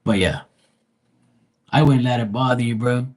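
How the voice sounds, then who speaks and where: A man's voice: mid-range voice, moderate pace, a little mellow. A man who reads tarot live, chatting casually with his viewers in a blunt, profane, slangy and rambling way. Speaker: live tarot reader and streamer. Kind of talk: casual livestream chat.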